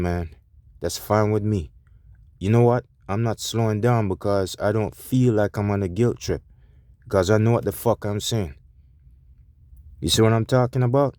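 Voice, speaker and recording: A man's voice: lowish voice, warm tone, no room sound, studio quality. A truck driver, a man, ranting heatedly to his viewers with a profane, defensive edge, often restarting his sentences.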